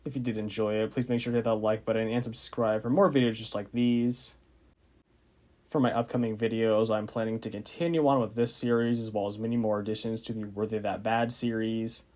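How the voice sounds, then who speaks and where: A man's voice: lowish voice, steady tone, brisk, darkish tone. A young man narrating a racing recap video in a casual way, often saying "uh". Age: young adult. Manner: casual, with frequent "uh" fillers. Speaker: YouTube racing channel host. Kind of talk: scripted narration.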